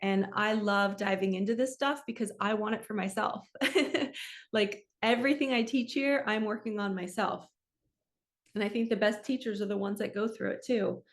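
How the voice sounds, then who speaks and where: A woman giving a weekly spiritual energy reading as a coach, talking in an earnest, open way and laughing softly at herself now and then. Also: mid-range voice, fairly even intonation, normal speed. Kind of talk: heartfelt spiritual talk.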